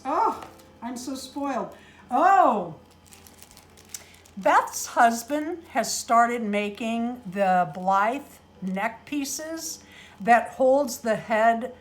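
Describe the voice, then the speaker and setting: On a casual vlog, a middle-aged woman with a slightly high voice opens gifts of handmade dolls. She gushes and exclaims a lot, occasionally flustered and choked up.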